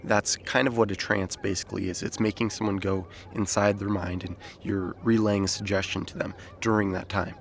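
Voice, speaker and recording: A man's voice: on the low side, flat delivery, fairly quick, vocal fry, hardly any pauses. A man giving an unscripted self-help lesson outdoors, talking loosely with many fillers and restarts, recorded on a phone. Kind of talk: unscripted outdoor explainer video. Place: outdoors in nature. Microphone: phone held by the speaker.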